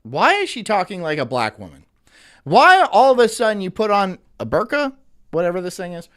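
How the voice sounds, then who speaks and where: A man's voice: high-pitched, sing-song, a little fast, a bit bright. Crude, mocking man streaming. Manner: crude, mocking, rambling asides. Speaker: streamer reacting to clips. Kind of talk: casual live-stream commentary.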